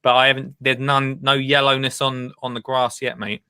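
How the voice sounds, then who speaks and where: A man's voice: medium pitch, completely flat delivery, moderate pace, bright, forceful tone, clean tone. A man hosting a casual chat show, bantering and laughing often. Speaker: host.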